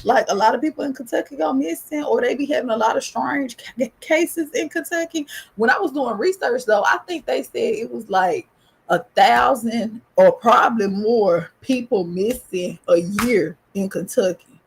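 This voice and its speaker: A woman from the US South with a Southern accent, hosting a podcast and telling a personal story in a casual, animated, profane way. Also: normal speed, creaky, breathy edge. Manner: animated, profane, rising pitch in excitement. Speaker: podcast host.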